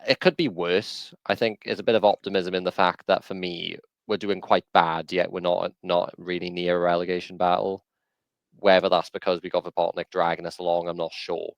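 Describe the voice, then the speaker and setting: A man's voice: low-pitched, level tone, brisk, gravelly, no echo. A man co-hosting a casual podcast over a video call, rambling and opinionated with frequent restarts. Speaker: podcast co-host.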